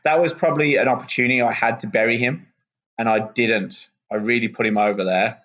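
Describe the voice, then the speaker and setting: A wrestler, relaxed and rambling with lots of ums, chatting as a guest on a podcast. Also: male voice, mid-range voice, a little fast. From England. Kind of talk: casual podcast interview. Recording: muffled lo-fi sound.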